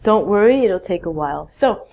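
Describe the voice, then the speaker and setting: A woman's voice: medium pitch, lively intonation, moderate pace, darkish tone, highs cut off. A woman teaching an English grammar lesson, speaking patiently and encouragingly. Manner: patient, encouraging, stretches out words. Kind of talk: slow, clear grammar lesson.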